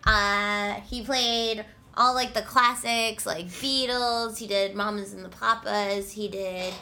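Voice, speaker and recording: A woman co-hosting a podcast in casual chat, loud and animated, laughing often. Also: mid-range voice, slow pace. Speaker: podcast co-host.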